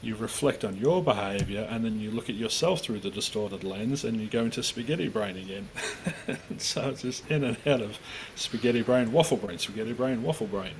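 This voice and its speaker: A man co-hosting a podcast in casual chat, animated and swearing, acting out the voices he quotes. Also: lowish voice, moderate pace, background noise. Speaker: podcast co-host.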